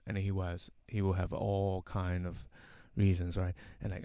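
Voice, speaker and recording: Man telling a rambling story, very low flat voice, gravelly. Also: normal speed, hardly any pauses, no echo. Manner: rambling, many fillers and "right?" tags. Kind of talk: casual anecdote to camera.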